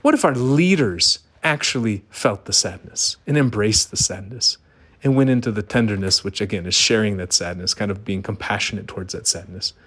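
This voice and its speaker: Middle-aged guy talking earnest and emphatic, lowish voice, lots of what-if questions. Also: moderate pace, a bit bright, husky. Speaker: vlogger. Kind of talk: personal monologue.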